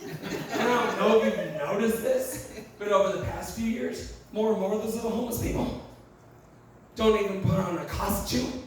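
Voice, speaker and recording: A man with a high voice performs a stand-up set in a live venue, heard from far off through a very echoey, noisy room. He tells crude stories with plenty of swearing and acts out every line of dialogue. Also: moderate pace. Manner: profane, animated storytelling with acted-out quotes. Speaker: comedian.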